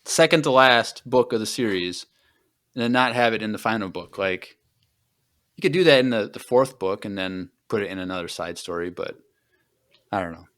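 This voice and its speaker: Smooth-voiced man rambling in casual chat. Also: lowish voice, lively intonation, normal speed. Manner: rambling, filler-heavy retelling with lots of "like"; trails off quietly at the ends of thoughts. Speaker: podcast host. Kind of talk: casual book discussion.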